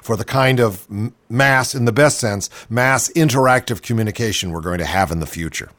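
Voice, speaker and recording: A man's voice: a little fast, a bit bright. A man hosting a talk radio show, reading news items and trailing off into wry asides. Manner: jokey, trails off into low asides. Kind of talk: casual news banter. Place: lives on an island in Washington State, US.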